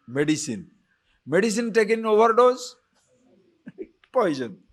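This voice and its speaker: Lively spiritual teacher. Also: male voice, a little high. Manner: animated, asks listeners rhetorical questions, chuckles often; chants Sanskrit phrases slowly. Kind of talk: spiritual lecture on scripture.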